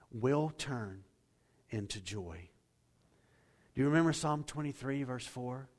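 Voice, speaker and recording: A middle-aged man delivers a sermon as a pastor. His voice sits at an ordinary pitch, dropping low and quiet at the ends of phrases, then swelling into loud, emphatic builds.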